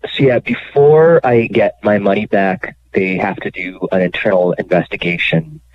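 Low male caller, candid and chatty, heard over a dry phone line. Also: moderate pace. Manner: candid, animated storytelling with many fillers. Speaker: guest telling his bank fraud story. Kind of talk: radio interview.

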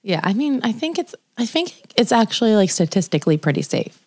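A young adult woman co-hosting a podcast, telling stories in a lively way and using lots of "like" as filler. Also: mid-range voice, brisk, no room sound, clean studio sound. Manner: animated storyteller, quoting others, heavy "like" fillers. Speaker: podcast co-host. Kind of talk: casual chat.

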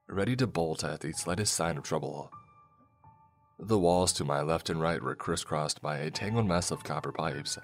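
A man with an extremely deep voice tells a first-person horror story. He keeps a low, measured storytelling pace. Faint music plays underneath. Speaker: narrator.

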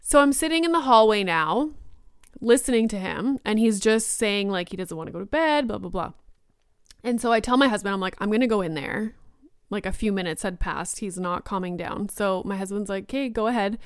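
A woman's voice: mid-range voice, animated, a little fast, clear, resonant tone, no echo, clean studio sound. A young woman hosting a podcast, telling a story in a chatty way and filling her speech with "like". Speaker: podcast host. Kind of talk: casual storytelling monologue.

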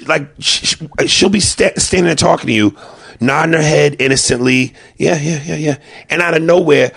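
Gravelly, husky New York comedian. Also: male voice, fairly low pitch, dry recording. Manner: loud, profane, acts out family members in quick voices. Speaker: stand-up comedian. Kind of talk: stand-up storytelling.

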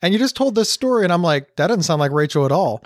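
A man's voice: high voice, sing-song, quick pace, dry recording, clean studio sound. A man hosting a podcast, talking earnestly in a casual way, often restarting his words. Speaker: podcast host.

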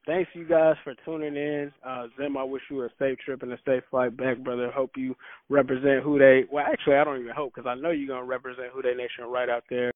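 A man speaks in a relaxed, matter-of-fact way as a sports podcast co-host. His voice sits at an average pitch. It sounds dry and close, squeezed through a phone-like line. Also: quick pace, no echo. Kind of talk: casual sports podcast chat.

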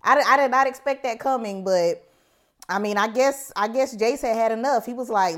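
Woman co-host, fairly high voice, casual, slangy, opinionated, easygoing delivery. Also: a little fast. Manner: relaxed, slangy, opinionated reactions. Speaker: podcast co-host. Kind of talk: casual chat reacting to a TV episode.

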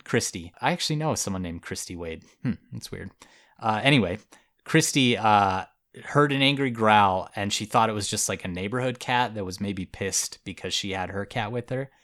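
Podcast co-host, male, easygoing storyteller, low-ish voice, chatty with fillers. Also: normal speed, a bit bright. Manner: storytelling, laughs often, casual filler words. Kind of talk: casual chat.

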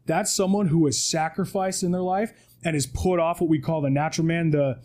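A man's voice: on the high side, fairly even intonation, a little fast, darkish tone. Emphatic man preaching in a podcast. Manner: preachy, emphatic, keeps asking "right?". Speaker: podcast guest. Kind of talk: animated motivational talk. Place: podcast studio.

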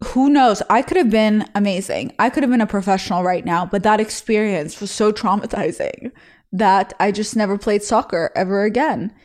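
A woman's voice: mid-range voice, moderate pace, a little mellow. A young woman from Israel hosting a show, reacting to listener stories in a candid, bawdy, laugh-filled casual chat. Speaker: host reading listener stories.

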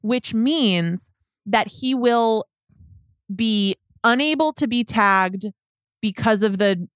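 A woman's voice: a little high, slow, smooth, no echo, clean studio sound. A woman co-hosting a sports podcast, explaining contract details step by step in casual talk. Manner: analytical, explains points step by step. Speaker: podcast co-host.

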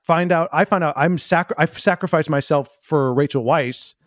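A man telling a long, earnest story, rambling and halting with many restarts. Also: a little high, no room sound, studio quality. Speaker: guest. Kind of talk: improv comedy storytelling.

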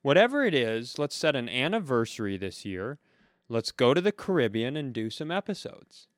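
A man's voice: mid-range voice, sing-song, moderate pace, dry recording, clean studio sound. A man with an Upper Midwest American accent co-hosting a comedy podcast, rambling through a story in casual chat and acting out other people's lines. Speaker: podcast co-host.

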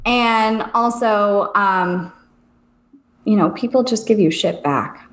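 A woman's voice: mid-range voice, slow pace, fairly bright tone. A woman in her thirties co-hosting a casual live chat, frank and self-mocking, laughing often. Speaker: co-host. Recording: roomy echo.

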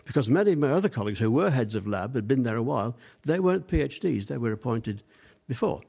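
Speaking as an interview guest, an older man looks back on his life in a medium-pitched, warm, husky voice touched with vocal fry. He's animated but meandering, pausing on fillers and starting sentences over as things resurface.

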